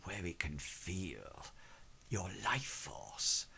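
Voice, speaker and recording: A secretive old lore master hisses his words in a low, slow whisper, cold and knowing, as a man puts him on. The voice drops well below an everyday speaking pitch and stays hushed and unhurried. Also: big pitch swings, gravelly, exaggerated voice.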